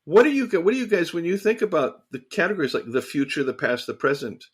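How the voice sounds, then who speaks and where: A man co-hosting a casual theological discussion, talking in an animated, emphatic way and repeating phrases for emphasis. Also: fairly high pitch, quick pace, slightly rough. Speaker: podcast co-host.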